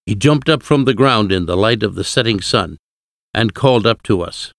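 Low-voiced male storyteller. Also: normal speed, no echo, clean studio sound. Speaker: narrator. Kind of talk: audiobook reading of a classic novel.

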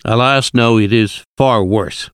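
A man's voice: fairly low pitch, unhurried, smooth, dry recording, studio quality, lightly acted. A man doing a grave old professor. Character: grave older male professor, solemn and wise.

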